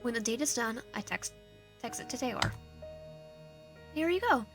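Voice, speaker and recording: A woman's voice: fairly high pitch, animated, normal speed, music in the background. A woman streamer reading a visual novel aloud, narration and player lines, often stumbling and restarting. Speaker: game streamer.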